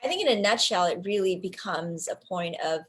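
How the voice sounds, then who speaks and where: A woman's voice: mid-range voice, expressive, fairly quick. A woman panelist speaks in a middle voice over a video call. She hesitates, restarts, and fills gaps as she goes. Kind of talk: online panel discussion.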